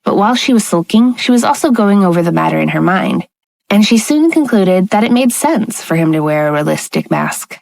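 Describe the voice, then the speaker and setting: A woman reading a romance audiobook aloud in steady, scripted narration on a close mic. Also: mid-range voice, brisk, creaky, dry recording, rough recording.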